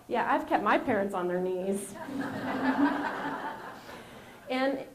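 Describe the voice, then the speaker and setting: A woman, interviewed as a guest, speaks with a somewhat high voice. She tells her story candidly and conversationally, with frequent laughter. The recording has a noticeably roomy echo. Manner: earnest, conversational, laughs often.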